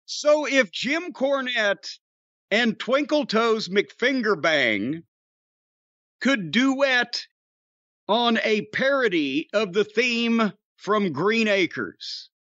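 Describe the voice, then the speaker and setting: A man hosting a podcast in casual, profane, rambling chat, his voice getting hoarse. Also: high voice, very slow, no room sound, muffled recording. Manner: rambling, animated storyteller, profane. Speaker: podcast host.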